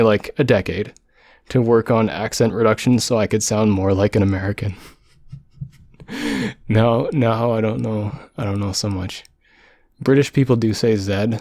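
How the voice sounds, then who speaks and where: Man from canada, low voice, hoarse, halting self-corrections, dry close mic. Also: darkish tone, dry recording. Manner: halting, self-correcting reading with apologetic asides. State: voice going hoarse from long talking. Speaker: solo podcaster. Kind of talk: reading a chatbot's text aloud with spoken asides. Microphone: microphone close to the mouth.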